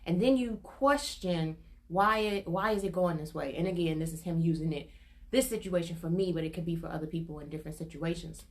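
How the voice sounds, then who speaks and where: A woman's voice: on the low side, fairly quick. A young adult woman sharing an informal prophetic testimony, earnest and repetitive, her intensity building as she goes. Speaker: prophetic minister.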